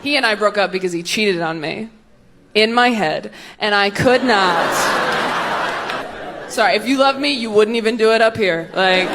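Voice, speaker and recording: A woman's voice: mid-range voice, background noise. A young woman, a stand-up comedian, bantering with the audience in a sarcastic, brash manner on a handheld mic. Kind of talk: stand-up set with crowd work. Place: comedy stage before a live audience. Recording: live show with loud crowd laughter.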